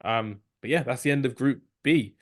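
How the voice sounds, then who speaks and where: A man co-hosting a football podcast, chatting casually and cracking jokes. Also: medium pitch. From England. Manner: jokey, chatty, rapid asides. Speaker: podcast co-host.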